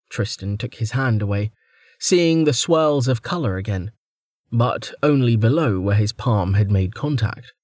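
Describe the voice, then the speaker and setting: A man narrating a fantasy audiobook in steady, measured scripted narration. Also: mid-range voice, no room sound, studio quality.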